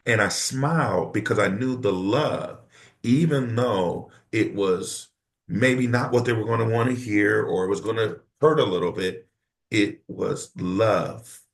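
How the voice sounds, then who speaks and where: A man's voice: lowish voice, a little slow, gravelly. A middle-aged man, a pastor and podcast guest, speaking in an emphatic, preacherly cadence while counseling in conversation.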